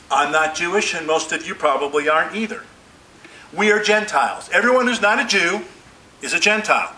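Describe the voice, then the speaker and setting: A man's voice: on the high side, pushed and bright, a little hiss or hum, low-quality recording. A man preaching a sermon as pastor, earnest and emphatic, lifting his voice on quoted pleas.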